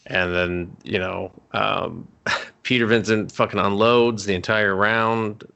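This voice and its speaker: Low-pitched man rambling about a movie. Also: steady tone, takes it slowly, gravelly, pushed and bright. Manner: loose, rambling, lots of fillers and swearing. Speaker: podcast co-host. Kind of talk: casual movie recap chat.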